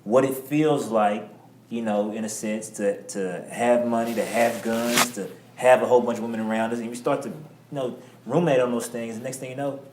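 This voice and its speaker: A man's voice: mid-range voice, fairly even intonation, brisk, a little mellow, echoey room, a little hiss or hum. A man on a discussion panel who works with young people in a juvenile detention center, speaking emphatically and often asking "you know what I'm saying".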